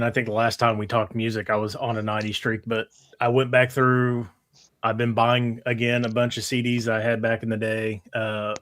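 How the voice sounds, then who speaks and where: A man co-hosting a casual livestream chat, easygoing and talking in short bursts. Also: medium pitch. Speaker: co-host.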